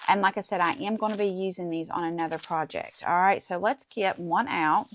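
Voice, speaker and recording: A middle-aged woman hosts a casual crafting tutorial from her desk, her fairly low, fairly bright voice moving fairly quickly. She chats with viewers as she works, saying "guys" and "okay?"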